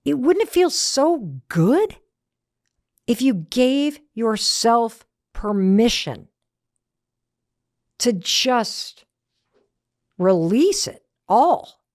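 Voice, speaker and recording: A woman's voice: a little high, big pitch swings, drawn-out words, pauses often, darkish tone, no room sound. Woman host, motivational talk, emphatic storyteller, dry close sound.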